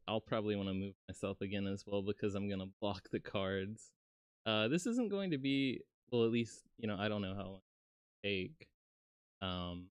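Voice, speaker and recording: A man with a lowish, smooth voice talks at an unhurried pace on a casual live stream. He rambles and pokes fun at himself, filling gaps with ums and asides, heard close on a dry microphone. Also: no echo. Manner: rambling and self-deprecating, with many fillers. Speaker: VTuber streamer. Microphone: close desk microphone.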